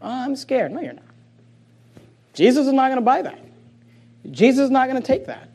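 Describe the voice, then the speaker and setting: A man preaches a sermon with an unusually high-pitched voice. He swings between loud, forceful outbursts and quiet, low asides. He mimics people's excuses in a whiny tone before answering them bluntly. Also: sing-song, fairly quick. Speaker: pastor.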